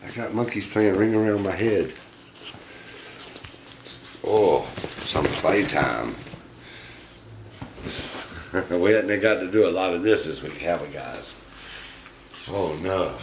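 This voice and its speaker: A middle-aged man talking fondly and gently to his pet monkeys in a casual home vlog. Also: sits low, fairly even intonation, unhurried, reverberant, background noise. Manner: gentle, doting, chuckling baby talk to pets.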